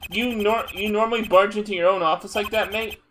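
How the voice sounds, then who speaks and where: A man voicing a brusque male police detective in a put-on British accent, gruff and dismissive, while reading a fan game aloud with voices. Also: high-pitched, steady tone, fairly quick, fairly bright tone, slight background noise.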